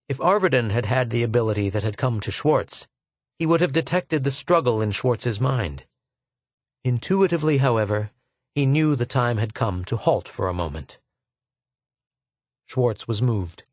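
A male narrator reads a science-fiction novel in a measured, steady voice of middle pitch. The recording is dry and close, with no room sound. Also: dry recording. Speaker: audiobook narrator. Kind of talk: scripted narration.

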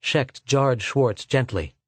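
A man reading an audiobook as its narrator, in a measured, steady way. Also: medium pitch, slightly rough, no echo. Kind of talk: scripted narration.

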